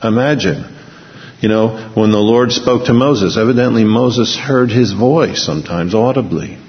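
A man preaching a sermon who acts out the figures of the story in quick voices and often chuckles. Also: on the low side. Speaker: pastor. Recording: dull sound in a reverberant hall.

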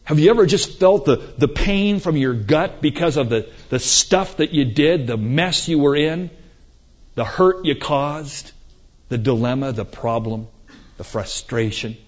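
A man preaching a sermon emphatically, swinging between loud climaxes and quiet moments, with rhetorical questions. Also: fairly high pitch, a little slow. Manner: emphatic, rising and falling for effect, rhetorical questions. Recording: dull lo-fi recording.

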